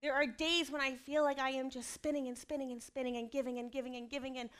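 A woman's voice: high voice, fairly even intonation, fast, hardly any pauses, fairly bright tone, smooth. A woman in her thirties, a mother speaking candidly and earnestly about her faith and family, with self-deprecating asides. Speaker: mother sharing a personal testimony. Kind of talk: candid personal talk.

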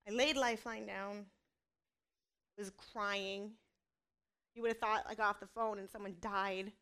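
Her voice is on the high side, gravelly, with a fairly bright tone. She's a woman in her thirties, a mother giving a personal testimony, speaking openly and sincerely about her family and faith with self-deprecating remarks.

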